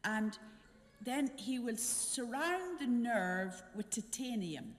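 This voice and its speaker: An older nun tells a story to her congregation, acting out each voice in it. Her fairly high voice rises and falls a great deal, and it rings through the long reverb of a church. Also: slow. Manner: animated, acts out dialogue in her story. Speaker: visiting nun giving a mission talk.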